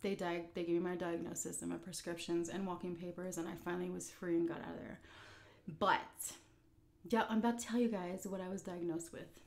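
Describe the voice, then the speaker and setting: Candid woman vlogger, slightly low voice. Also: steady tone, fairly quick, creaky, a little mellow. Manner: candid, blunt, rambling with fillers. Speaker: mukbang vlogger. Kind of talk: casual storytime while eating.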